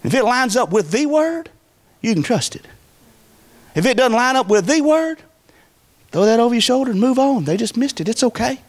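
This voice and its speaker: A man preaching a sermon as pastor, folksy and emphatic, with wide swings of pitch and volume. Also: very animated, moderate pace, pauses often.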